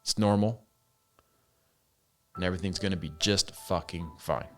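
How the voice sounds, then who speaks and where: Low-voiced man talking candidly. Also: fairly even intonation, moderate pace. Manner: candid, swears freely, says "man" and "dude". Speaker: podcast host. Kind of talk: casual solo monologue.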